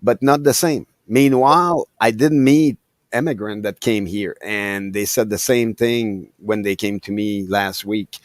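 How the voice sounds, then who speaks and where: A man from Quebec, as his first tongue, talks earnestly in casual podcast chat. His middle-pitched voice sounds dry and close to the mic. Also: no echo. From Quebec, Canada. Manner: earnest, halting phrasing. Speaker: podcast co-host.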